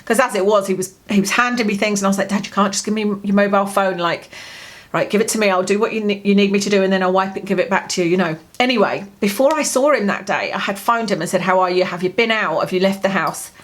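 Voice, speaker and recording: A woman's voice: medium pitch, fast talker. A woman vlogging a personal grief diary, telling a long story in a candid, rambling way with many fillers, from home.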